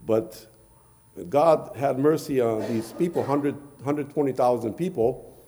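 A man's voice: mid-range voice, measured pace, warm tone, a little hiss or hum. A man preaching a sermon, retelling scripture in archaic phrasing and often repeating words.

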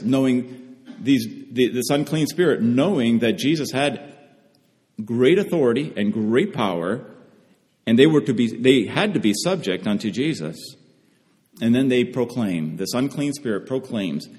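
Earnest preacher in a reverberant hall. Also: male voice, mid-range voice, animated, normal speed, darkish tone. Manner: earnest, repeats phrases for emphasis. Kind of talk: sermon.

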